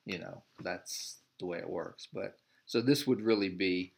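A man's voice: low-pitched, a little slow, gravelly. Man teaching a Bible study. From United States. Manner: reads scripture aloud, then explains in a loose, rambling way full of restarts.

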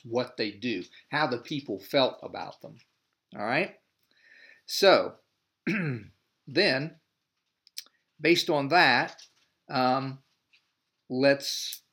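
A man's voice: medium pitch, creaky, a bit bright. Man teaching a Bible study. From United States. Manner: reads scripture aloud, then explains in a loose, rambling way full of restarts.

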